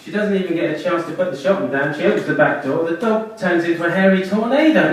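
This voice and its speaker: A man doing a stand-up comedy set at a small comedy club, with animated storytelling and deadpan asides. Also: fairly high pitch, fast talker, hardly any pauses. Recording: echoey club room, distant mic.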